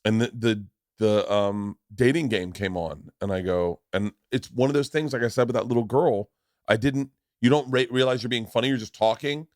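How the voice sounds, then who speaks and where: Animated, swearing storyteller man. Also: mid-range voice, moderate pace, no echo, clean studio sound. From Tampa, Florida. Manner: animated storyteller, acts out voices and swears freely. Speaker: podcast host. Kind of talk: casual podcast chat.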